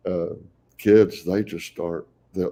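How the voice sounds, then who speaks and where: A man's voice: deep voice, steady tone, slow pace, warm tone. An older man with a Texan accent, a folksy storyteller who chuckles often as a guest on a video call. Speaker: guest, professional Santa Claus. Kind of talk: casual interview conversation.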